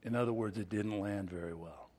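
A man's voice: fairly low pitch, brisk, a little mellow. A male pastor delivering a sermon, reading scripture aloud with dramatic emphasis and adding conversational asides.

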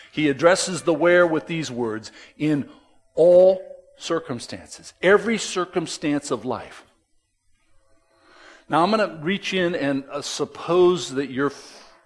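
A man preaching a sermon as pastor, emphatic and conversational, swinging between loud stresses and soft drops, with asides to the congregation. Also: fairly high pitch.

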